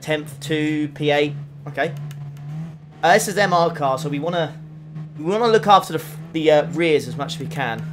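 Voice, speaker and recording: Man, young, raised pitch, casual stream talk, chatting to viewers while racing, desk condenser mic. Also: moderate pace, music in the background. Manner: chatty, reads out and answers chat messages while driving. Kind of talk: casual live-stream commentary. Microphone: desk USB condenser mic.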